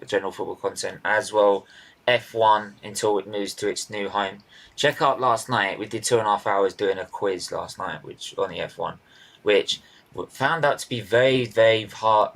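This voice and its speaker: A man's voice: fairly low pitch, creaky, fairly bright tone. A man with a London accent co-hosting a football podcast, joking and teasing in casual, crude banter. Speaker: podcast co-host.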